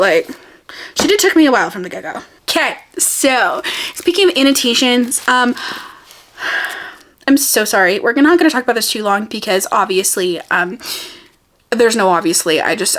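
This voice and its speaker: A woman's voice: fairly high pitch, fairly bright tone. A young woman chatting casually about books on her vlog, bubbly and rambling, laughing often and poking fun at herself. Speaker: book vlogger. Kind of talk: casual chatty book review.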